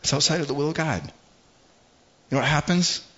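A man's voice: on the high side, moderate pace, fairly bright tone. A middle-aged man preaching as a pastor in a conversational style, with frequent repetitions and acted-out quotes. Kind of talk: sermon. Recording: slightly dull, muffled sound.

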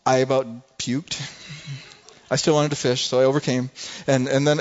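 A man preaching a sermon, telling a folksy, animated personal story with frequent restarts. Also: mid-range voice, lo-fi sound. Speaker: pastor.

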